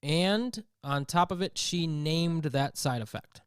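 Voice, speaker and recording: A man hosting a podcast, telling comic stories in an animated rant and acting out other people. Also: fairly high pitch, slow, smooth, no room sound, studio quality. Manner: animated storytelling, acts out voices. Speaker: podcast host. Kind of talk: comedic rant.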